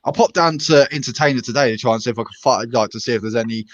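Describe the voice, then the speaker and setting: A man's voice: mid-range voice, very fast, muffled recording. A man with a West Country English accent, hosting a charity stream and chatting casually on a voice call, with lots of restarts and laughter. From England. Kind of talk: casual chat.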